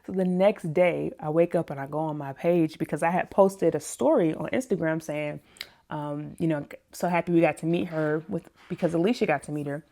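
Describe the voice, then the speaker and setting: A woman in her thirties, a personal chef, casually telling a story to her viewers, animated and laughing often. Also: fairly quick. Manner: animated, laughs often, acts out other people's lines in a higher voice. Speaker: plant-based personal chef and vlog host.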